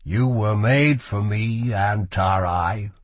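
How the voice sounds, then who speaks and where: A man voicing a shadowy male magic being in a storybook reading, speaking slowly and coldly with menace. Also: on the low side, no echo. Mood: menacing. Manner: slow, cold, menacing.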